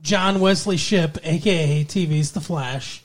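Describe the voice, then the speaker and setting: A man's voice: fairly high pitch, unhurried. A man co-hosting a podcast in casual chat, joking crudely and laughing at his own jokes. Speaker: podcast co-host.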